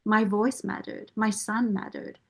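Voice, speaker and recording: A woman's voice: mid-range voice, steady tone. Earnest woman giving a heartfelt testimonial. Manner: earnest, measured, with deliberate pauses. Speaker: nonprofit board member and parent caregiver.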